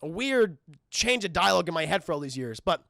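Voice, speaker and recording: A man retells a film scene by scene for his live chat, cursing freely and getting more and more excited. His voice is high, very gravelly and bright, and it swings widely in pitch. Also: fairly quick, dry recording, clean studio sound. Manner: excitable, profane, keeps addressing chat. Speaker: film reviewer and streamer.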